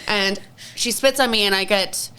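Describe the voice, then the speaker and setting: Young adult woman, podcast co-host; animated, profane, chatty storyteller. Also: mid-range voice, normal speed, clean tone. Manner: animated storytelling, swears freely. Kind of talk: casual chat.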